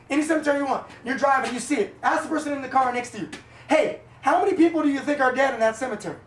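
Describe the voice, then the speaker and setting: A man's voice: very high voice, a little hiss or hum. A young man who is a comedian, telling stories in a casual, rambling and blunt way, with crude words and frequent check-ins. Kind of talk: casual comic storytelling. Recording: roomy echo, mic at a distance, faint ambience.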